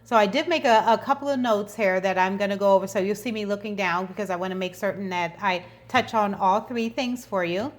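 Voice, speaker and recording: A woman's voice: medium pitch, brisk, hardly any pauses. Exasperated woman in her fifties, restarting phrases. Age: 50s. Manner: exasperated, with frequent restarts and repeated words. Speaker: host. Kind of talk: casual how-to tutorial.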